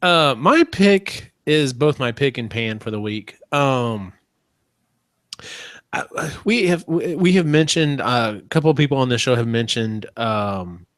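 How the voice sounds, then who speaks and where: A man's voice: medium pitch, expressive, unhurried, a bit bright, dry recording, studio quality. A man in his thirties hosting a casual podcast, rambling with many ums and restarts. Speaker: podcast host.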